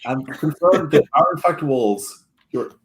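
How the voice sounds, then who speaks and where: Male game master, a bit high, hesitant narrator. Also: expressive, measured pace. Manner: hesitant, filler-heavy narration.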